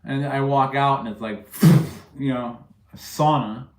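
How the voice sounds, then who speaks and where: Here a livestream host rambles casually, kidding around with viewers and laughing at his stories. His mid-range voice stays fairly even and moves a little slowly, with an echoey room around it.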